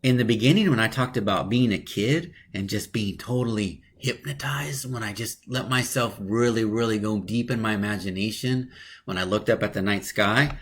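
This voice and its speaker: Male teacher for a kids' online class, low and husky, casual and upbeat, keeps checking "right?". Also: normal speed, fairly bright tone.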